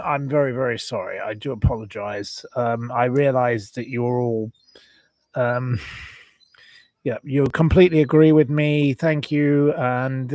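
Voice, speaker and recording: A man's voice: medium pitch, no echo. A man hosting a rambling, indignant livestream chat about animals, breaking off to apologize for his rants. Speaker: channel host.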